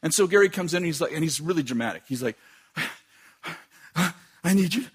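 A man telling a dramatic personal story with laughter and bursts of shouting. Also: on the high side, animated, racing, husky.

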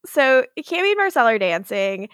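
Laughing podcast woman, slightly high voice. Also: sing-song, fairly bright tone, dry recording, studio quality. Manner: laughing often, acting out lines in quick snippets. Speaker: podcast co-host. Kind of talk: casual episode recap chat. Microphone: podcast microphone.

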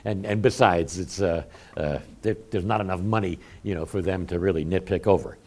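A man's voice: low-pitched, brisk, darkish tone. A middle-aged man preaching a conversational sermon in a folksy, self-deprecating way, chuckling often. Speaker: pastor.

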